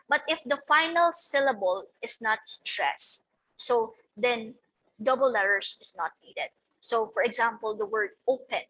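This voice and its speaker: A woman's voice: on the high side, bright, forceful tone, slight background noise, rough recording. A young woman, explaining a lesson step by step and marking each point with "okay" and "so". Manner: methodical, repeats "okay" and "so" between points. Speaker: teacher presenting a lesson. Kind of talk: explaining slides in a recorded lecture.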